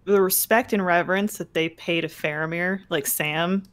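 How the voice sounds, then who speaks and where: A woman's voice: lowish voice, fairly even intonation, normal speed, no echo. A woman co-hosting a casual movie review podcast, chatting and trailing off mid-thought. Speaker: podcast co-host.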